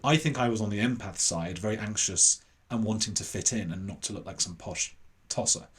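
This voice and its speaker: Lively storytelling Englishman, low voice. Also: brisk. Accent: English, between posh and London. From London, England. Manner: animated anecdote-telling with self-deprecating asides and fillers. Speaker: podcast guest. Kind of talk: casual storytelling interview.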